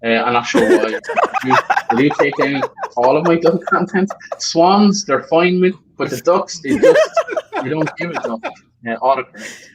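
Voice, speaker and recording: A man's voice: a little high, big pitch swings, normal speed, very noisy. A man speaking as a podcast guest in casual, emotional chat, candid and jokey and swearing freely over a remote call mic.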